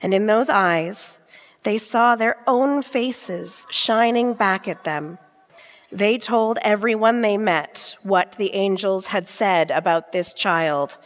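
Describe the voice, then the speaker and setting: Woman reader for a church Christmas story, slow and gentle, long hall reverb. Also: mid-range voice. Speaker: scripture storyteller. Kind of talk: reading a nativity story.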